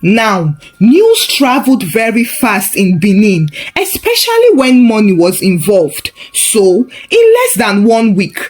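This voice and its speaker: Expressive woman narrating a story. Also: medium pitch, measured pace, few pauses. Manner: expressive, chatty asides.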